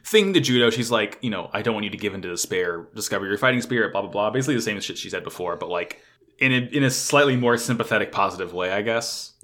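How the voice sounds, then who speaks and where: This podcast co-host talks fast with a fairly low voice. He recaps an anime episode in an excitable, casual way, swearing a lot and voicing the characters' lines himself.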